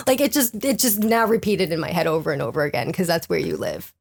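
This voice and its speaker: A woman co-hosting a casual podcast, chatting about reality TV, animated and quick to laugh. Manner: animated, laughs and leaps up in pitch when excited. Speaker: podcast co-host. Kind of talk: casual chat recapping reality TV.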